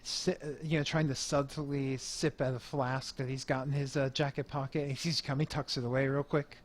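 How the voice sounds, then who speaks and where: A man's voice: mid-range voice, little pitch movement, a little fast. A man narrating as game master, rambling with fillers and restarts.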